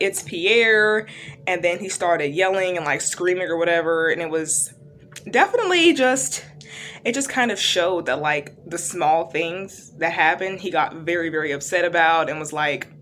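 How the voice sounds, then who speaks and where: A woman's voice: on the low side, a bit bright, a little hiss or hum. A woman recapping a TV series in a casual, chatty way, full of fillers and loose asides. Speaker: true-crime reaction vlogger.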